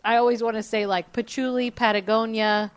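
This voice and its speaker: A woman's voice: on the high side, steady tone, brisk, clear, resonant tone, no echo. Chatty giggly woman, dry close sound. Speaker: podcast co-host. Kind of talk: casual chat.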